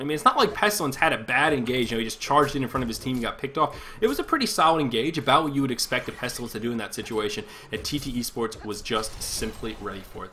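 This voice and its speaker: Bright-voiced male esports caster. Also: medium pitch, slight background noise. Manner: chatty, animated, thinks aloud and corrects himself. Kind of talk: live play-by-play game commentary.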